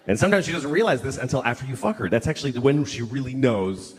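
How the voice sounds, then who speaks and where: A man's voice: medium pitch, sing-song, fast talker, soft background music. A middle-aged man doing crude, mocking stand-up comedy and acting out other people's voices. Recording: live show with crowd laughter.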